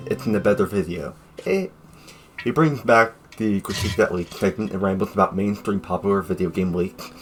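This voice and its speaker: A man narrating a casual video review in an offhand, sarcastic way, dropping joking asides. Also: low-pitched. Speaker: YouTube reviewer.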